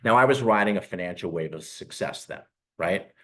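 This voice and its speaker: A man in his sixties, a real estate recruiter giving a sales presentation on a live call, telling his story earnestly with emotional pauses. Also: sits low, animated, bright, forceful tone. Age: 60s.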